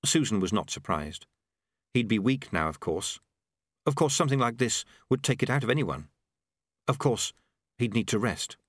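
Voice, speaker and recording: A man reading a novel aloud in measured, expressive scripted narration. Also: medium pitch, slightly rough, no room sound, clean studio sound. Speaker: audiobook narrator.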